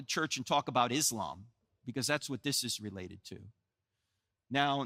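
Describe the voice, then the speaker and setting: A man in his sixties from New Jersey gives a live apologetics lecture to an audience, telling stories with joking asides and acting out dialogue. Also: on the high side. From New Jersey, USA. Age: 60s. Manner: animated storyteller, jokey asides, acts out dialogue. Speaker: Christian apologetics speaker. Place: large hall with live audience. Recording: long hall reverb.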